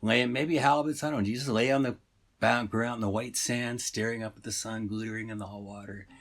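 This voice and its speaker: A man's voice: medium pitch, fairly even intonation, a little fast, fairly bright tone. A man casually retelling a story, meandering and full of asides and fillers.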